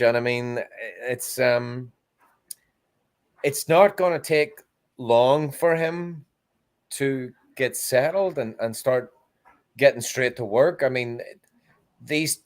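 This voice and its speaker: Guy on a football podcast, stops and restarts a lot, mid-pitched voice. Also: clean tone. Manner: hesitant, halting with many restarts. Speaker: podcast co-host. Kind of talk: casual football chat.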